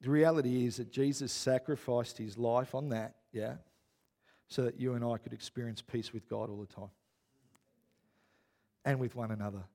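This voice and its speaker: A man, a pastor preaching a sermon in a chatty storytelling way that grows loud and worked up. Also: mid-range voice, fairly even intonation, moderate pace, long pauses.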